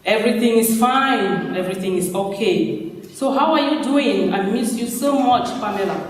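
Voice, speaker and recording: A man's voice: sits high, moderate pace, a little hiss or hum, natural voice. A man doing a homesick, broke young migrant. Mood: reassuring. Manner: earnest, self-urging. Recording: echoey hall from far off.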